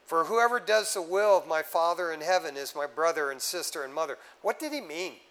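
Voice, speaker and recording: Speaking a little fast and with animation, a male pastor gives a conversational sermon, often calling listeners "man." He shifts from loud exhortation to low, hushed tones, and the recording is low quality.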